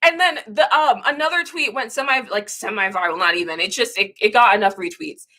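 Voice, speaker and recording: Bright-voiced young woman ranting candidly. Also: mid-range voice, brisk. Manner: candid, swearing, emotional rants; rambling with frequent restarts. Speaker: livestream host. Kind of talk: casual livestream chat.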